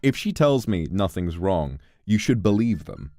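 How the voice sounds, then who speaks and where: A male streamer giving casual gameplay commentary, animated, laughing and swearing often. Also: low voice, unhurried, hardly any pauses, no room sound.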